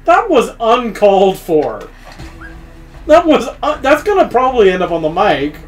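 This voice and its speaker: A woman's voice: medium pitch, very animated, normal speed, faint music behind, rough recording. A woman playing a video game for a let's play, laughing often and swearing at the game in casual commentary.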